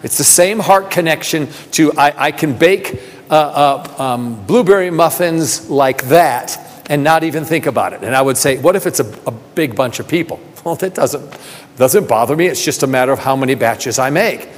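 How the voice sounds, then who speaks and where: A man preaching a sermon, asking rhetorical questions and repeating phrases, building from soft talk to emphatic calls. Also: a little high, normal speed. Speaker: pastor. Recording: long reverb of a large hall.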